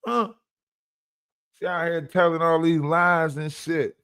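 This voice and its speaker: Slow, taunting livestream host. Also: male voice, on the high side, steady tone, a bit bright, clear, resonant tone, no echo, studio quality. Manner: taunting, repetitive, profane, keeps asking "huh?". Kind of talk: profane live-stream rant.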